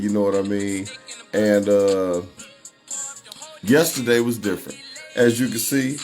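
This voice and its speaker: A man's voice: lowish voice, darkish tone. A man hosting a casual livestream, greeting viewers by name and talking over the news in a loose, conversational way. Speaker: livestream host.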